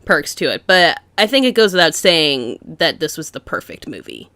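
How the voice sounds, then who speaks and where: A woman's voice: low voice, very animated, moderate pace, very noisy. A woman from Massachusetts co-hosting a podcast in casual, chatty talk, often breaking into giggles. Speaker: podcast co-host. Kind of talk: casual chat.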